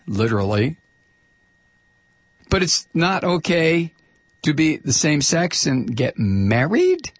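A man hosting a political talk radio show, ranting and mocking in a halting way full of fillers, with sudden high-pitched shouts. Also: wildly swooping pitch, no room sound. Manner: halting, with many fillers and restarts.

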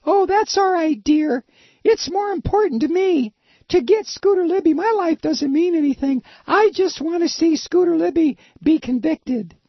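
A man faking a high, sugary devoted wife. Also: moderate pace, no room sound. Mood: mock-devoted. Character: mock-earnest self-sacrificing wife, middle-aged woman. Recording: dull lo-fi sound.

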